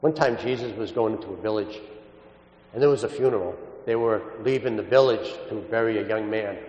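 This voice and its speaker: A man's voice: mid-range voice, darkish tone. A man, a Catholic priest or deacon, giving a homily with folksy personal stories mixed with scripture. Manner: folksy storyteller, mixes personal anecdotes with scripture. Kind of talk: gospel reading and homily. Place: large church. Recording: echoey church with long reverb.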